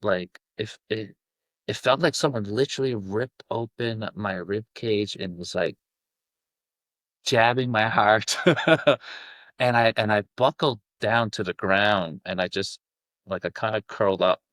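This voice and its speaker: A man, a guest coach, telling a deeply personal story, halting and full of restarts and fillers. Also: fairly bright tone, dry recording. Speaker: self-love coach, guest.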